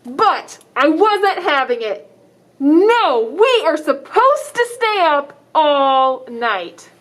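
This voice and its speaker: Lively high-voiced woman reading to kids. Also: extremely slow. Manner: expressive, dramatic exclamations, asks children questions. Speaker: children's librarian. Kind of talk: reading a picture book aloud to children.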